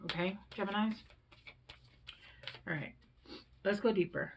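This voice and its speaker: A woman's voice: mid-range voice, a little slow, slight background noise, low-quality recording. A woman in her thirties giving a casual tarot reading, talking candidly and reassuringly, swearing freely as she coaches her listeners. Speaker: tarot reader.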